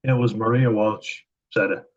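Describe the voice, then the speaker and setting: Husky, low-voiced Irish man ranting bluntly. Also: fairly even intonation, normal speed, lo-fi sound. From Ireland. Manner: blunt, profane, sardonic. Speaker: vlogger. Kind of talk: casual opinion rant.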